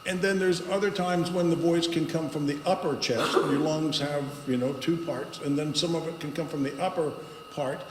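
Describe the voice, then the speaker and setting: A man speaking to a congregation as a guest speaker, guiding a voice exercise with slow, paused instructions. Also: a little high, fairly even intonation. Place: spiritual center meeting hall. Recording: echoey hall with long reverb and background noise.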